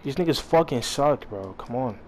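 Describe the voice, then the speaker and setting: A young man calling out plays to his teammates while gaming, excitable and profane, barking quick instructions. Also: medium pitch, slight background noise, rough recording. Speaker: gamer playing online. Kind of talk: live gameplay commentary.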